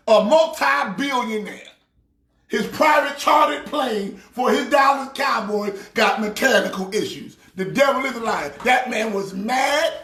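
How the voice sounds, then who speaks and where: A man with a very high, bright voice rants and shouts at a slow, drawn-out pace. He is a pastor mocking a team for laughs. His voice echoes around the room. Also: a little hiss or hum. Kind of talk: comedic sports rant.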